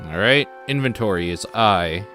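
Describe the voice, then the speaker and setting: A man plays a game on stream and talks it through in a relaxed, think-aloud way. His voice sits low. Faint music plays underneath. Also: moderate pace. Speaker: let's-play streamer. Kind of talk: casual gameplay commentary and reading game text aloud.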